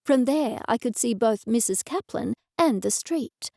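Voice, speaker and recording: A woman narrating a cozy mystery audiobook in the first person, with even, measured storytelling. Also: on the high side, creaky, no room sound, studio quality.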